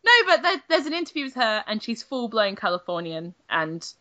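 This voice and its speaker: Brit woman in her 20s on a podcast, blunt, swears a lot, bright sharp voice, dry close sound. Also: fairly high pitch, brisk, no room sound, highs cut off. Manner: blunt and animated, swears freely. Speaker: podcast guest, games journalist. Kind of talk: casual podcast chat.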